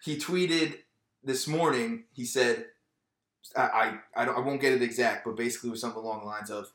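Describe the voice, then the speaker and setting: A man's voice: medium pitch, brisk, fairly bright tone, echoey room. Candid young guy telling his story. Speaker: podcast guest, military veteran. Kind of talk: casual conversation.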